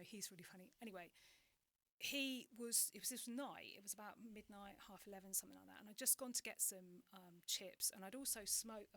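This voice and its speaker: A woman in her forties with an English accent, a podcast guest telling a personal story in candid conversation and acting out the exchanges she remembers. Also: mid-range voice. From England. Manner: animated, acts out remembered exchanges, restarts often.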